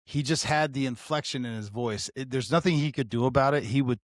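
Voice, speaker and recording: A man, a former deputy co-hosting a podcast, telling animated stories and laughing often. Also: mid-range voice, brisk, dry recording, studio quality. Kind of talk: casual storytelling chat.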